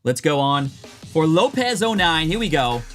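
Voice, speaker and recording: A man's voice: on the high side, very animated, measured pace, a bit bright, faint music behind. A man chatting casually on a live stream, upbeat and reading out his chat. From United States. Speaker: streamer opening card packs.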